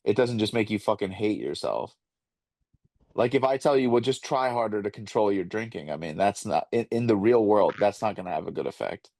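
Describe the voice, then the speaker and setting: A man hosting a casual group video call, animated and swearing, with many restarts. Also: on the low side, fairly quick, no room sound. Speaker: seminar host.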